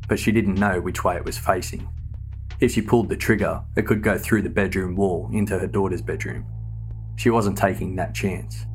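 A man with a very low voice reads a true crime story in a steady, measured way. Soft music plays faintly behind him. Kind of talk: scripted true crime narration. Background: faint background music.

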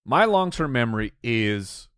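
A man in casual podcast chat, speaking haltingly and thinking aloud with restarts. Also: mid-range voice, big pitch swings, fairly bright tone, smooth, no room sound, clean studio sound.

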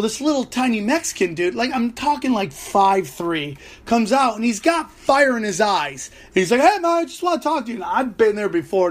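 A man who does stand-up, ranting through a profane, animated story about a gig on his podcast. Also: high-pitched. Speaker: stand-up comedian and podcast host.

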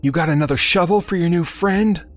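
Man doing a high-pitched, bossy woman crook, sarcastic and threatening, for a horror audio story. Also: fairly quick, soft background music, natural voice. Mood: sarcastic menacing. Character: tough sarcastic woman criminal, menacing.

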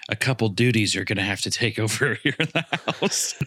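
A man's voice: fairly low pitch, lively intonation, a little fast, pushed and bright, husky, dry recording, studio quality. A man co-hosting a podcast, rambling with restarts and crude jokes among friends. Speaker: podcast co-host. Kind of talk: casual banter.

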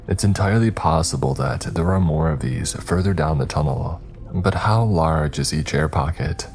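A man's voice: extremely low pitch, moderate pace, darkish tone, faint music behind. A man narrating a first-person horror story in a tense, dramatic manner.

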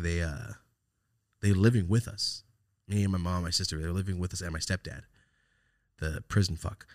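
A man with a somewhat low voice tells a story on his podcast in loose, casual chat. He swears a lot and acts out the voices of the people in it. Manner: profane, animated, acts out voices in his stories. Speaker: podcast host.

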